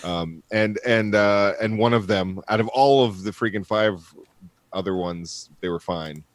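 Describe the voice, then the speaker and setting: A man's voice: lowish voice, a little slow, no echo. A man hosting a podcast in casual chat, rambling with lots of fillers and casual swearing. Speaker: podcast host.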